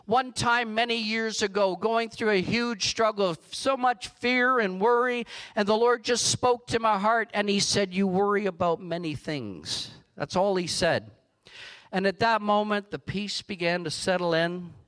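Male pastor, high-pitched, unhurried sermon delivery, earnest and gentle. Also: fairly even intonation, smooth, rough recording. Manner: slow, earnest, drops to a soft hush for emphasis. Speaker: preacher.

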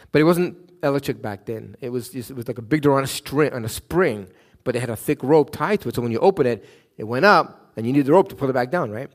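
A middle-aged man from Canada delivers a sermon in a conversational, storytelling way. He acts out the characters' lines with a lifted voice and checks in with the listener with a frequent "right?". His voice sits in an ordinary middle range for a man. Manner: animated, acts out quotes with raised pitch, frequent "right?". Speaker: pastor.

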